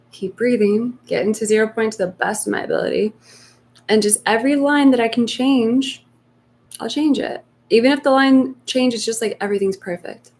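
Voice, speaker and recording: A woman giving spiritual coaching on a live stream, speaking softly and slowly and sometimes voicing inner fears in a hushed tone. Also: mid-range voice, slight background noise. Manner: soft, slow and reflective, acting out inner voices in hushed tones. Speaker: meditation coach.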